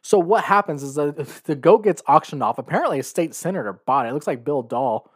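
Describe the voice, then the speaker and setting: A man hosting his own podcast, talking in a casual, blunt monologue. His voice sits a little high for a man. He reads news stories with open sarcasm and laughs at them. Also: animated, brisk, slightly rough. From California. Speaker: podcast host.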